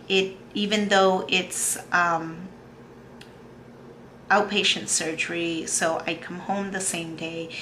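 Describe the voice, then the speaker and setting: Slow, gravelly-voiced woman in her thirties. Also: on the low side, slight background noise. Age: 30s. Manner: soft, halting, tearful-sounding talk with many pauses and fillers. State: emotional, on the verge of tears. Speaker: vlogger. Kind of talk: personal video diary.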